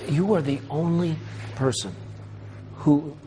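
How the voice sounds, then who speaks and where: A TV interviewer asking gentle, probing questions. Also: medium pitch, slow pace, slight background noise. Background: faint music.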